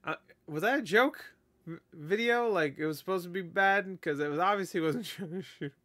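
A man's voice: high-pitched, normal speed, sharp tone. A man hosting a meme reaction video, laughing and swearing as he rambles loosely through clips. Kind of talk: casual reaction commentary.

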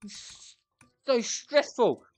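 A woman's voice: very slow, dry recording. A young woman giving frantic, exasperated let's play commentary with lots of swearing. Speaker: gaming YouTuber.

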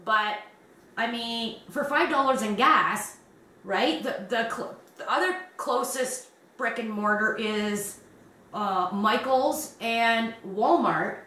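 With a sharp tone, a slightly high pitch, and a slow pace, a Canadian woman hosting a crochet channel chats casually, rambling and laughing often. The mic is distant and the room sounds roomy.

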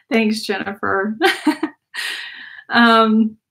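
A woman's voice: a little high, little pitch movement, extremely slow, vocal fry, a bit bright. A woman, chatting casually on a livestream from a small home office, laughing and sighing often. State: out of breath. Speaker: livestream host.

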